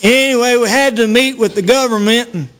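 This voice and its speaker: A man telling a folksy stand-up story in a drawling, deadpan way. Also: very high-pitched, a little fast, a little hiss or hum. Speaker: comedian.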